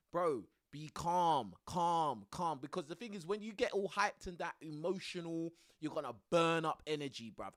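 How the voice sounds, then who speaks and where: A man's voice: sits high, a bit bright, no echo, clean studio sound. A young man chatting casually to his live stream audience, tossing in bruv and bro.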